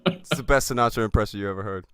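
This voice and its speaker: A man's voice: on the low side, racing, a bit bright, clean tone, no room sound. A man who is sick, hosting a casual live stream chat, joking and laughing often.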